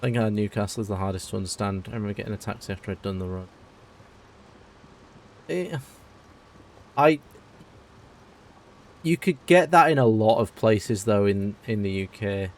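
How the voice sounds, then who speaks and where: Chatting casually during a live game stream, a British man rambles in a relaxed way, answering his viewers directly between moves. His voice is fairly low and conversational, moving at a moderate pace with frequent pauses.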